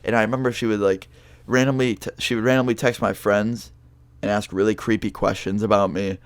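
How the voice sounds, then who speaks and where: A young man tells a personal story straight to camera. He rambles loosely, with fillers and swearing. His voice sits low and the sound is close and dry, with no room behind it. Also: little pitch movement, fairly quick, clean tone, dry recording. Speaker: vlogger telling a story. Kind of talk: casual storytime monologue.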